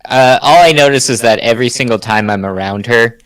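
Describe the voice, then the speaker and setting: A man's voice: medium pitch, brisk, a bit bright, clear, resonant tone, no room sound. A man playing a tabletop game, talking in a wry, joking way. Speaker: player.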